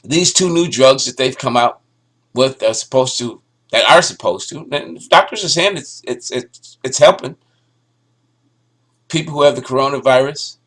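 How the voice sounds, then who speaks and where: A man's voice: mid-range voice, moderate pace. A man giving sarcastic, ranting news commentary, often restarting his sentences. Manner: sarcastic, ranting, animated delivery with stammered restarts. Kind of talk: opinionated solo commentary.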